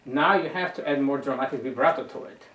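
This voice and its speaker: A man's voice: medium pitch, fast talker, a bit bright, a little hiss or hum. A man teaching a violin lesson, patiently coaching and often repeating words as he searches for the right phrasing. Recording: roomy sound from a distant mic.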